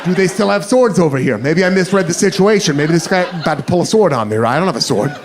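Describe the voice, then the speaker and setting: Animated American comedian on stage. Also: male voice, fairly high pitch, fast talker. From United States. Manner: animated storytelling, acting out voices. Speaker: stand-up comedian. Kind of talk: stand-up comedy set. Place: comedy stage before a live audience. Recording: live stage recording with crowd laughter.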